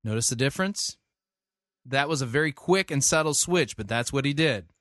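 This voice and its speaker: A man's voice: mid-range voice, animated, normal speed, a bit bright, dry recording, clean studio sound. A man reviewing a sermon, skeptical and challenging, repeating the preacher's phrases back to question them. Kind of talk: critical commentary.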